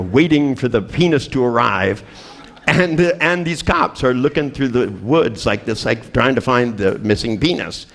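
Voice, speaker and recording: A man presenting at a seminar, telling a funny story in an animated way. He often laughs mid-sentence and restarts his words. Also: medium pitch. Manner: animated, laughing through lines, quick restarts. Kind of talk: comic storytelling to an audience.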